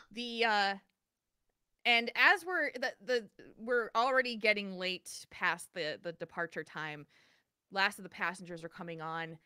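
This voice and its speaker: A bright, clear woman co-hosting a podcast and telling a story in a lively, chatty way. She restarts her sentences often as she relives the moment. Her voice sounds dry and close, with no room sound. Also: medium pitch, no echo. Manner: animated, vivid retelling with many restarts. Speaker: podcast co-host. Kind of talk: casual storytelling.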